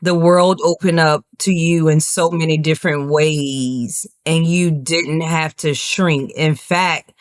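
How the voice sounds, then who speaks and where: An interview host asking thoughtful, measured questions. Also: medium pitch, steady tone, no echo, clean studio sound.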